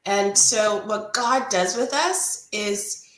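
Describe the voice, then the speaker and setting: Woman guest, earnest storyteller, medium pitch, roomy echo around her voice. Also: takes it slowly, fairly bright tone. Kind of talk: faith testimony and teaching.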